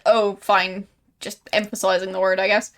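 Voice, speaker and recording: A woman's voice: medium pitch, little pitch movement, moderate pace, a bit bright, soft background music. A woman streaming a game, commenting casually in a wry, playful way and laughing at what happens.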